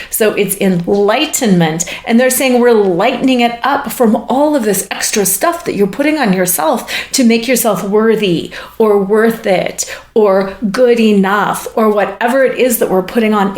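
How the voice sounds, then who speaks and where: In an echoey room, a fairly high-pitched woman passes along channeled spirit messages as host of the session. Her delivery is halting and searching, broken up by frequent laughter.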